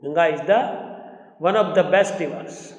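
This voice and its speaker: A male school teacher from India with a Gujarati accent, explaining a Sanskrit lesson in English and drilling pronunciation slowly, repeating words. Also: on the high side, highs cut off. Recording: echoey room with long reverb.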